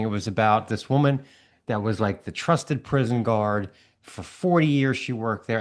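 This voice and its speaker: A man with a Maryland accent hosting a podcast, chatting and telling stories with quick asides. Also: lowish voice. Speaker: podcast host. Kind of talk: casual podcast conversation.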